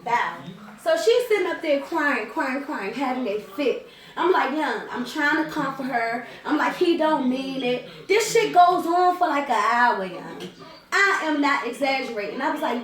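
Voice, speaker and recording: A young woman with a Washington DC area accent, telling a storytime vlog in an animated, profane, slangy way and acting out the quotes. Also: high-pitched, normal speed. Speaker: vlogger telling a story with her twin. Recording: echoey room, distant mic, crowd noise behind.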